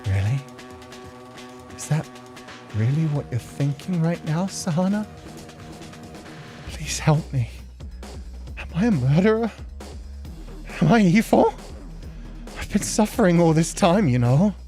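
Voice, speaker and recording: A woman's voice: on the low side, animated, a little slow, pauses often, dark tone. A woman voicing a mentally unstable young male author who pleads frantically and repeats himself, with faint game music behind. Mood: pleading. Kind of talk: voicing visual novel lines.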